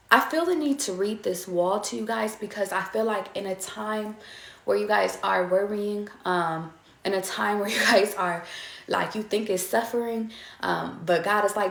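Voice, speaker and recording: A woman's voice: medium pitch, vocal fry, a bit bright. A young woman tarot reader talking casually to her viewers, chatty and swearing freely. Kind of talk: casual spiritual talk to viewers. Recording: echoey room.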